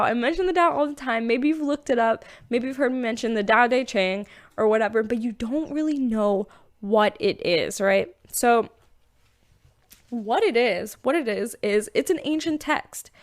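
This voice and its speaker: A young woman hosting a podcast, talking casually about spirituality in a chatty, animated way, with lots of fillers and frequent laughs. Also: fairly high pitch. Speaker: podcast host.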